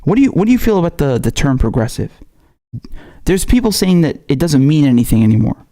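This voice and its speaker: A man hosts a political commentary livestream, chatting loosely with viewers in a slangy, repetitive, off-the-cuff way. His voice is a little high, very animated, slightly fast and mellow.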